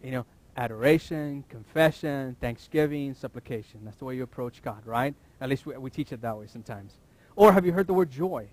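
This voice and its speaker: A man preaching a sermon, repeating key phrases and now and then breaking into loud shouts. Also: medium pitch, fairly quick. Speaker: pastor.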